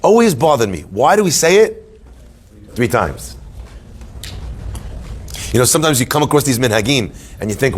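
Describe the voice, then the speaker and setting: A man, a rabbi, giving a Torah class to a live audience, animated and joking, telling stories and asking questions. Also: medium pitch, a little fast, pauses often, slight background noise. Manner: animated, joking storyteller who asks questions.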